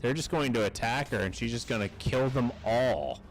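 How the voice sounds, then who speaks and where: A man streaming a game playthrough, giving casual, excited and joking reactions to the gameplay. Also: medium pitch, normal speed. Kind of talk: casual let's-play commentary.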